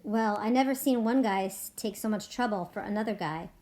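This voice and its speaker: A woman reading aloud, voicing a blunt, suspicious middle-aged ranch boss with a rough rural American drawl. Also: medium pitch, fairly quick, a little mellow, close to an everyday voice. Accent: rough rural American drawl, put on. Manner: blunt, clipped, drawling ranch-hand talk.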